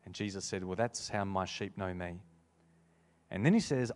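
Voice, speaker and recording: A man with a somewhat low voice preaches an altar call to a congregation. He is earnest and repeats his key phrases. He slows down when he quotes scripture. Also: darkish tone.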